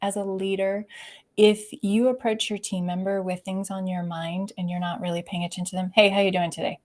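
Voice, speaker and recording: A woman leadership coach speaking as an interview guest. She talks expressively and often drops to a soft, near-whispered tone. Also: medium pitch, level tone, moderate pace. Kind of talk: conversational interview. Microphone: video call.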